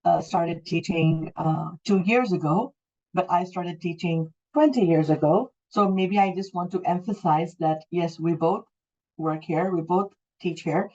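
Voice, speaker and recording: A woman's voice: lowish voice, a little slow, a little mellow. A woman in her forties from Canada, teaching an English class, explaining patiently and repeating the key points. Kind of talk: online class lesson. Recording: dull lo-fi audio.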